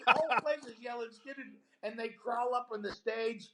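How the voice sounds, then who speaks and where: A man's voice: very high voice, fairly even intonation, fairly quick, fairly bright tone, slight background noise. A middle-aged male comedian on a radio show, telling a rambling road story full of fillers and laughs. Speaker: comedian guest. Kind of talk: casual storytelling interview. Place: radio studio.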